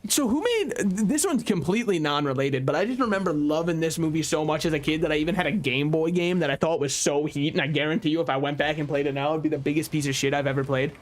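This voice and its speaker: A man casually commentating his game stream, rambling from thought to thought and cracking jokes at his own expense. His voice sits a little higher than most men's. A faint hiss lingers behind him. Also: quick pace, few pauses. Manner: rambling, joking, laughs often at his own remarks.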